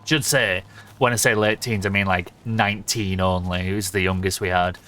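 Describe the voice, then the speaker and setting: A man's voice: low voice, fairly even intonation, normal speed, sharp tone. Sweary, rambling young man. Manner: rambling, sweary, laughs often. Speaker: livestreamer. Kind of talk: casual gaming stream chatter.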